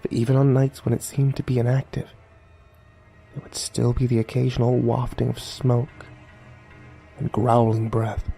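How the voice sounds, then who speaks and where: Guy reading a creepy story, mid pitch voice, measured and dramatic, faint music in the back. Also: level tone, vocal fry, warm tone, husky. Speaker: horror story narrator. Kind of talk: scripted horror narration.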